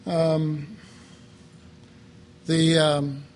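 A man preaching a sermon slowly and reflectively, pausing often and restarting his phrases. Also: on the high side, level tone, slight background noise. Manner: slow, halting, reflective, with many pauses and fillers.

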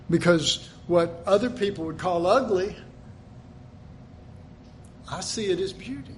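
A man's voice: sits high, a little hiss or hum. A middle-aged man preaching a sermon, earnest and emphatic, often repeating himself.

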